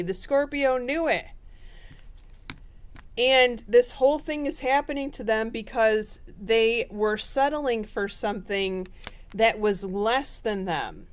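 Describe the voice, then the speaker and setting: A woman giving a casual tarot reading in a chatty, rambling way with fillers. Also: on the high side. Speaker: tarot reader.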